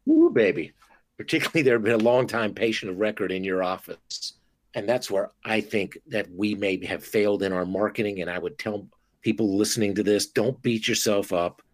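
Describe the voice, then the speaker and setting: Speaking in a lowish voice at normal speed, a male dentist guesting on a podcast interview is animated and expressive. He acts out his talks with patients.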